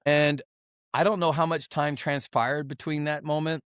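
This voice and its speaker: A man's voice: on the high side, fairly even intonation, a little fast, clean tone, no echo, studio quality. A man guest on a podcast giving an emotional, earnest personal testimony, often restarting and repeating himself.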